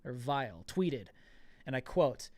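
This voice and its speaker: A man's voice: mid-range voice, very animated, a little slow, dry recording, studio quality. A man hosting a political commentary podcast, talking in an indignant, emphatic way and often repeating words. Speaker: podcast host.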